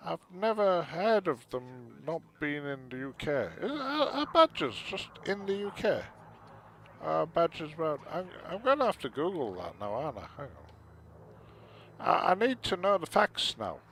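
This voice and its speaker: A man's voice: on the high side, big pitch swings, moderate pace, fairly bright tone, slight background noise. A man streaming a space trading game, chatting casually and muttering to himself as he plays. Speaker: gaming streamer. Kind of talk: casual gameplay commentary.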